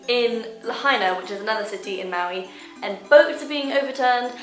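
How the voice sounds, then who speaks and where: A woman's voice: fairly high pitch, normal speed, fairly bright tone. A young woman from Hawaii chatting casually to camera in a bubbly, self-mocking way. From Hawaii, USA. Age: young adult. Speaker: vlogger. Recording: roomy echo with faint music.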